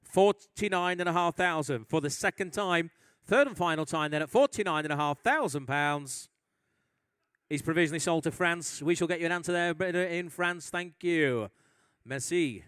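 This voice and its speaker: A man's voice: fairly high pitch, normal speed, a bit bright, clear, resonant tone, no echo. A man from England working as an auctioneer, calling bids at a live sale with teasing asides to the room.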